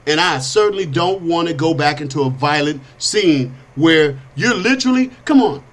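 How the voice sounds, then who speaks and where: Animated high-voiced streetwise male host. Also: normal speed. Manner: animated, streetwise slang, acts out gunshots. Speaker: talk show host. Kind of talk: storytelling monologue.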